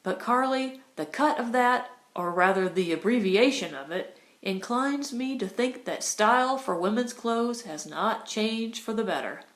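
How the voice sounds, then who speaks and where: A woman reading an audiobook, voicing a young, brawny Western man with a lower, husky voice and a mild, teasing manner, in a roomy, echoey recording. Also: animated, measured pace, hardly any pauses. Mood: wry. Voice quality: deeper and husky. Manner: mild, teasing and half sad. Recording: roomy echo.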